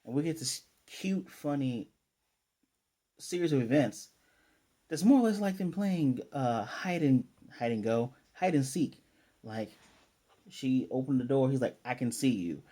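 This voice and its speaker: A man's voice: mid-range voice, animated, unhurried, pauses often, dark tone. A man casually recapping an anime episode as a reviewer, rambling with lots of fillers and restarts.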